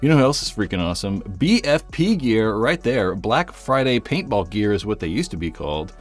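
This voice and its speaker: With faint music behind him, a man with a lowish voice rambles through a casual live stream. He's very animated and fairly quick, cracking jokes and reading viewers' messages aloud while a little breathless.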